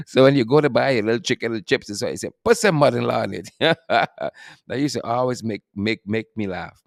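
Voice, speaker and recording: A man's voice: mid-range voice, moderate pace, no room sound, clean studio sound. A middle-aged Guyanese man hosting a casual live stream, teasing playfully, laughing often and reading out viewer names. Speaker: host.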